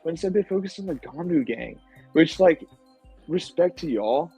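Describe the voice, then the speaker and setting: A young man with a husky, breathy voice, chatting as a podcast guest. He tells his story with lively energy, leans on "like" and "dude", and jumps into high-pitched voices to act out what others said. Faint music plays behind him. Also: moderate pace, low-quality recording. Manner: animated storytelling, acts out quotes in high voices; says "like" and "dude" a lot. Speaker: podcast guest, former contestant. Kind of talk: casual podcast interview.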